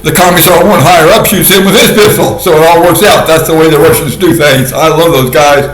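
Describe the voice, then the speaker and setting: A man giving a casual monologue commentary in a sardonic way, laughing often at his own dark jokes. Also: a little high, steady tone, a little fast. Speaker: video commentator. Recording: echoey room.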